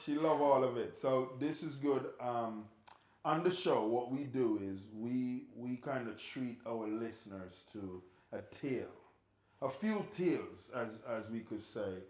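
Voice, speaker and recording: A man hosting an interview, enthusiastic and full of quick affirmations. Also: medium pitch, darkish tone, roomy sound. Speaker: host.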